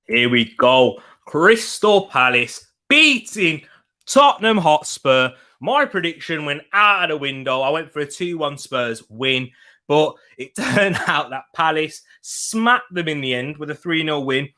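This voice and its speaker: A man's voice: fairly high pitch, animated, unhurried, sharp tone. A young man hosting a casual football watch-along, chatting to viewers while eating and laughing often. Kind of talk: casual live-stream chat reading comments.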